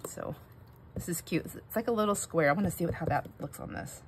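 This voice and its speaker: A woman's voice: fairly low pitch, a little fast, a little hiss or hum. A middle-aged woman hosting a crafting vlog, telling family stories in a rambling, self-interrupting way while she stamps. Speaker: crafting channel host. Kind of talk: casual chat while stamping.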